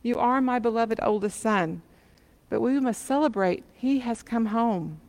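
A woman's voice: on the high side, measured pace, long reverb tail. A woman voicing an eager, overjoyed father. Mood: pleading. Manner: urgent, pleading, excited calls. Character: joyful, eager father welcoming his lost son.

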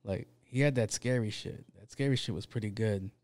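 A man's voice: on the low side, fairly quick, a little mellow, no room sound, clean studio sound. A man ranting casually and comically, rambling and swearing, packed with fillers. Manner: rambling, profane, lots of fillers. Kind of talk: casual comedic rant.

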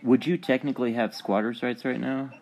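A man calmly asking short, curious questions and giving brief reactions. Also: medium pitch, fairly quick, creaky. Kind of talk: casual chat.

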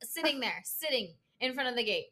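A young woman with a high, bright voice tells a long story in casual chat. She talks in loose, filler-heavy bursts and curses freely. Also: brisk. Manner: animated storytelling, lots of "like" fillers and swearing.

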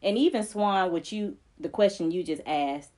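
Earnest woman with a low voice. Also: moderate pace, mellow. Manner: earnest, emphatic preaching cadence with repeated phrases. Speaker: podcast co-host. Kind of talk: faith podcast conversation.

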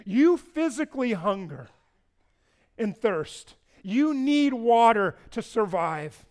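A man preaching a sermon as a pastor. He swings between loud proclamations and quiet asides and asks the congregation questions. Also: high-pitched, expressive, a little slow, clear, resonant tone.

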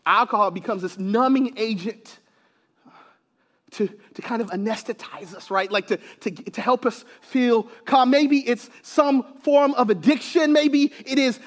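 A man preaches with a strikingly high voice. He is animated, repeating words as he builds each point and laughing between them. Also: measured pace. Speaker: pastor. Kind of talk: sermon.

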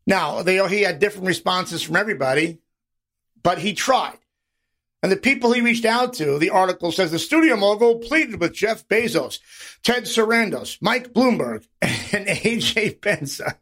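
A man's voice: high-pitched, moderate pace. A man hosting a podcast, telling stories in a casual, profanity-laced monologue and acting out the people he quotes. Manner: animated storytelling, acts out quoted voices. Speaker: podcast host.

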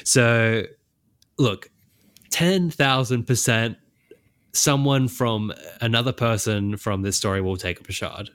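A man co-hosting a casual podcast chat, animated and quick to laugh. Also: mid-range voice, no echo. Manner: animated, laughs often, acts out characters' lines. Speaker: podcast co-host.

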